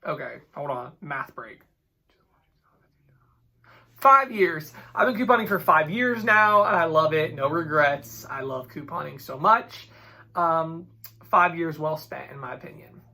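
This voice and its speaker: Chatty young man with a gravelly edge. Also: fairly high pitch, a little slow. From Ohio, USA. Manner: animated, exasperated storyteller. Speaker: couponing vlogger. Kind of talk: casual chatty vlog.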